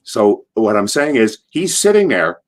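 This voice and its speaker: Low-voiced man telling rambling stories. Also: sing-song, unhurried. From Allentown, Pennsylvania. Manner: digressive, swears casually, restarts often. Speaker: retired pro wrestler, interview guest. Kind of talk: rambling anecdotal storytelling.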